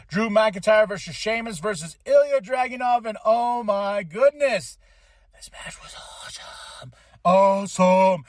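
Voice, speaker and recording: High-voiced man giving an animated recap. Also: no echo, clean studio sound. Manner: animated, laughs often, slips into quoted voices. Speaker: podcast host. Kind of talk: casual wrestling show recap.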